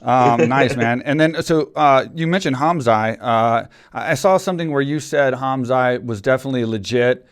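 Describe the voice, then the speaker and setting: A man's voice: mid-range voice, normal speed, hardly any pauses. A man hosting a podcast in a loose, laid-back way, dropping "man" and "dude" while asking questions. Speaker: podcast host. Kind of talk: casual interview chat.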